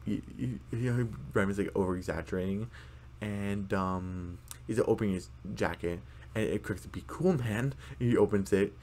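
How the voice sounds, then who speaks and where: A man with a fairly low voice talks through a cartoon episode in a loose, casual recap. He rambles, full of fillers and restarts. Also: steady tone, normal speed, a little mellow, slight background noise. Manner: rambling, many fillers, acts out characters' lines. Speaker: video commentator.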